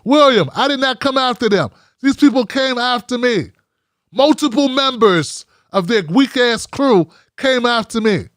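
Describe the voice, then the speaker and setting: Brief: middle-aged male host, very high animated voice, profane heated rant. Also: a little slow, no room sound, clean studio sound. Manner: fired-up, profane, mocking. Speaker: host of a live commentary show. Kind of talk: heated live commentary.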